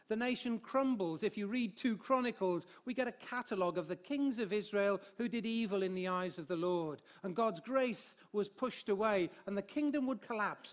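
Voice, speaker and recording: A man with a high voice preaches a sermon. He reads scripture slowly and lifts his voice with emphasis on key phrases, mixing in warm asides to the congregation. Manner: light humor with the congregation, sings hymn lines.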